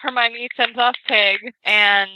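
Woman, podcast co-host, bright high-ish voice, offhand, self-correcting, dry. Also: fairly even intonation, slow, no echo, poor audio. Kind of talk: casual chat.

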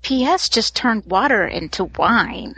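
Excitable high-voiced woman podcaster. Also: unhurried, vocal fry, husky, no room sound. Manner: excitable storyteller, acts out quotes. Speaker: podcast co-host. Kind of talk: casual podcast chat.

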